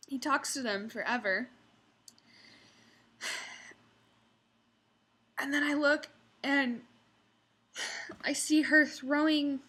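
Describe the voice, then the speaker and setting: A woman's voice: mid-range voice, pushed and bright. A young woman who works as a restaurant server, ranting casually about customers and mimicking them in exaggerated voices. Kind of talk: casual storytelling vlog.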